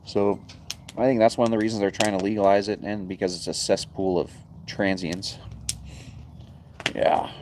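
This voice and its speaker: A man's voice: fairly low pitch, flat delivery, moderate pace, long pauses, background noise. A man hosting a casual livestream chat outdoors by a backyard bonfire, talking in an easygoing, rambling way and chuckling often. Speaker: livestream host. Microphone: phone.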